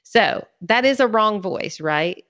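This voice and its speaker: A woman's voice: mid-range voice, lively intonation, slow, a bit bright. A woman guest on a podcast, explaining her ideas earnestly and laying out her points one by one in a conversational way. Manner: earnest, teaching, lays out points in a clear sequence. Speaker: podcast guest, author and ministry leader. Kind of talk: conversational interview talk. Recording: slightly dull lo-fi sound.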